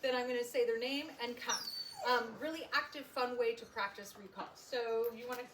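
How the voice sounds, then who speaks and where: A high-pitched woman dog trainer explains recall practice outdoors in a friendly, explanatory way. She is recorded from some distance, and steady background noise runs under her voice. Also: brisk. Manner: friendly, explanatory, high excited calls to the puppy. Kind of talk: instructional demo. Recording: outdoor, distant mic, noisy.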